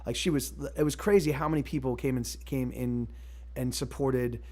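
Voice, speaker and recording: A musician streaming live, talking casually and hesitantly between songs with many fillers and restarts. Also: male voice, mid-range voice, steady tone, moderate pace, a little mellow.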